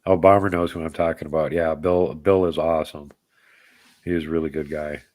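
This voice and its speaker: Very deep-voiced man hosting casual chat. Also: steady tone, fairly quick, darkish tone, dry recording. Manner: rambling, joking, answers chat comments by name. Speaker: podcast host. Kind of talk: casual live-stream chat.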